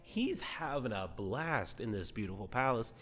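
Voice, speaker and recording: A man's voice: mid-range voice, expressive, normal speed, fairly bright tone. A man telling a story comedically, in a rambling, profane, slangy way that is full of "right?". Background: guitar music.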